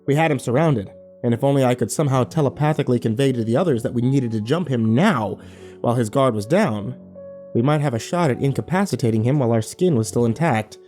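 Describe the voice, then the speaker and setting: A man narrating a first-person horror story in a wry, animated way. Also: medium pitch, fast talker, soft background music.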